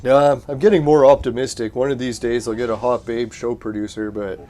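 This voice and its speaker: A man's voice: medium pitch, level tone, a little fast, warm tone. Laid-back man streaming from home. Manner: laid-back, swears and laughs often. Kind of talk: casual live-stream chat. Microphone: desk mic through a soundboard.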